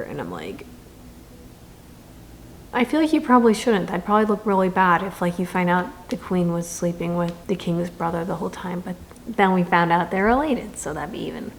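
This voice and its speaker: A woman's voice: fairly low pitch, vocal fry, slight background noise. A young woman reviewing a book in a casual vlog, reading quotes aloud dramatically and answering them with sarcastic, exasperated asides.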